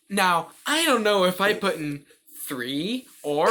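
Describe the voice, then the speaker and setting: Young woman host, lively pitch and unhurried pace, rambling, self-mocking and profane; clatter of dishes and cutlery behind her. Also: a little hiss or hum. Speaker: home cooking show host. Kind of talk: joking casual cooking vlog. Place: home kitchen.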